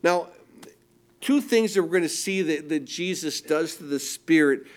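A man preaching a sermon with emphatic delivery, swinging between loud declarations and hushed, tender passages, often repeating words as he restarts. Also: fairly high pitch, a little slow. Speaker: pastor.

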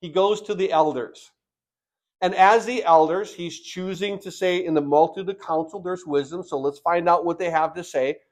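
A man preaching a sermon, reading scripture aloud and commenting on it with sudden loud bursts of emphasis. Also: high voice, moderate pace. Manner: expressive preaching, bursts loud on key points.

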